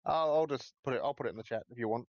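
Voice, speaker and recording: A man from Russia with an Australian accent, chatting on a stream with provocative deadpan jokes. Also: mid-range voice, very fast, no room sound, dull audio. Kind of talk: casual chat.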